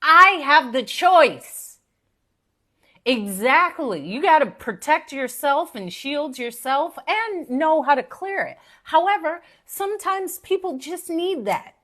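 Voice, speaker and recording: Animated high-voiced woman, live-stream pep talk. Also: slow. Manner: animated, preachy and playful, talks to viewers directly. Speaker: motivational speaker and live-stream host.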